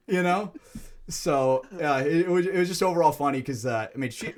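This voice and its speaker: Animated, profane young male podcaster. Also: on the high side, normal speed. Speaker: podcast co-host. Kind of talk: casual podcast chat.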